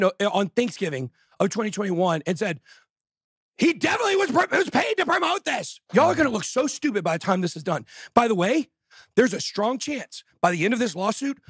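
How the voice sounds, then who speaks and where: A man hosting a live show, ranting loudly and exasperated, often shouting. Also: sits high, expressive, fairly quick, dry recording, clean studio sound. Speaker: show host. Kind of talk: heated rant on a live show.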